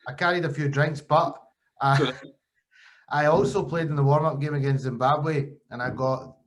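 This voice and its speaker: A man from Scotland tells his stories in a loose, chatty way and slips into the voices of the people he quotes. His pitch sits in a typical middle range for a man. He talks like a podcast host answering questions about his own past. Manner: animated storytelling with quoted voices. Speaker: podcast host and former cricketer. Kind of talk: casual interview chat.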